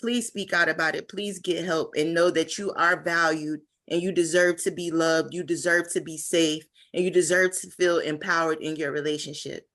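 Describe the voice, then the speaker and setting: A woman in her twenties speaks to a conference through a video call, giving an earnest personal testimony with plenty of fillers. Her deep, slightly bright voice stays steady at a normal pace, with hardly any pauses.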